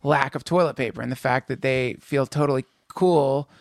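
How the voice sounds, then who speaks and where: A man co-hosting a podcast, telling stories in an animated, jokey, emphatic way. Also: mid-range voice, normal speed, dry recording, studio quality. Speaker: podcast co-host. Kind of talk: casual chat.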